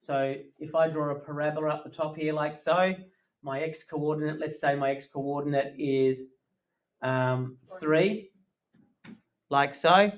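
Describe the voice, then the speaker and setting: A man's voice: on the high side, steady tone, unhurried. A man teaching a live maths lesson in a classroom, talking in a casual, joking way.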